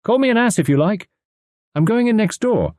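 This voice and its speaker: Spirited young woman detective, voiced by a male narrator, quick and impulsive, lifted pitch, lively delivery, for a storybook. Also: slightly rough, dry recording, studio quality, exaggerated voice. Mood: determined.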